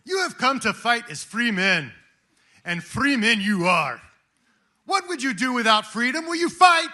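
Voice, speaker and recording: Man doing a defiant medieval rebel chief, high and fierce, bellowing a battle cry. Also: big pitch swings, measured pace, full character voice. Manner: declaiming, shouting battle speech. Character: defiant medieval Scottish rebel leader rallying troops.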